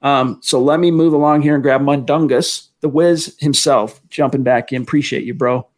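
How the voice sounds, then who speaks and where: Speaking at a moderate pace with fairly even intonation, this mid-range male voice belongs to a podcast co-host. On a casual sports talk livestream, he chats and reads out fan messages, taking their questions as he goes.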